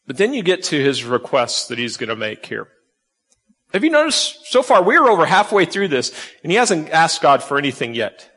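A man's voice: a little high, big pitch swings, normal speed, a bit bright. Pastor, man, emphatic sermon delivery, big reverberant church hall. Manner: emphatic teaching, rhetorical questions to the congregation. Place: church sanctuary.

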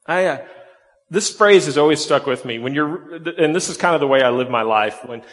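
A man delivers a conversational sermon, lifting his voice and then letting it sink low to drive points home. His voice sits a little high for a man. The sound carries a long hall reverb. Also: expressive, a little fast. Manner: conversational preaching, voice rising and dropping for emphasis. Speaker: pastor.

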